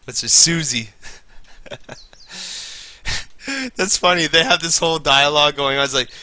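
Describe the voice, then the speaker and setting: A man's voice: a little high, unhurried, bright, forceful tone, no echo. A slightly tipsy man chatting casually while streaming a game, rambling, swearing and laughing. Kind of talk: casual chat while gaming.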